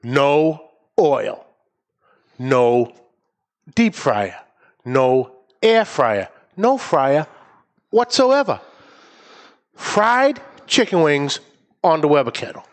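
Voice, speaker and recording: A man co-hosting a barbecue chat show, joking loudly and swearing freely. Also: mid-range voice, very animated, extremely slow, pauses often. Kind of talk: casual chat.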